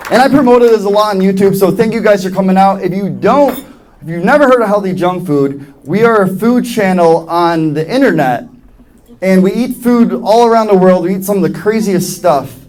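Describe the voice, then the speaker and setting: A man's voice: high-pitched, a little hiss or hum. A young man from New York doing a stand-up comedy routine on a club stage, acting out other people's voices as he tells his jokes. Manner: animated, acts out voices of others. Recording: live club with audience laughter. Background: audience laughing.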